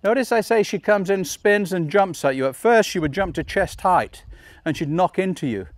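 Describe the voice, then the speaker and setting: A man's voice: sits high, normal speed, dry recording. Coaxing male dog trainer outdoors. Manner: calm, coaxing commands to a dog between explanations. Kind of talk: instructional demonstration. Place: outdoors in a field.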